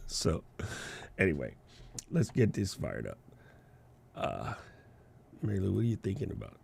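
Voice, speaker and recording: A man hosting a live podcast, telling stories in a slangy, animated way and laughing often. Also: low voice, unhurried, creaky, slight background noise. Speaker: podcast host. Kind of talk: casual live-stream storytelling.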